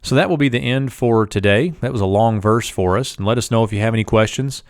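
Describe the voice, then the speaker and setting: A man teaching a short biblical Hebrew lesson, explaining each phrase in a methodical way and slowing down to read quotations aloud. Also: fairly low pitch, clear, resonant tone, no room sound, studio quality. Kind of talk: lecture on biblical Hebrew verse.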